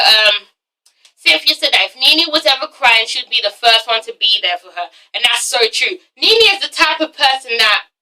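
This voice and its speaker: Brief: high-voiced woman, sassy vlog commentary, mic a bit far off. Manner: sassy, swears freely, animated asides. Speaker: reality TV reviewer. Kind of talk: casual opinionated commentary.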